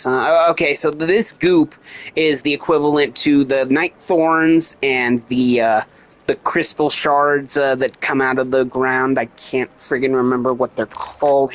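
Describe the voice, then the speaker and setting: A man's voice: medium pitch, poor audio. A man livestreaming a video game, swearing and joking sarcastically as he reads the game's dialogue aloud in his own voice. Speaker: gaming livestreamer. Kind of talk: casual gameplay commentary.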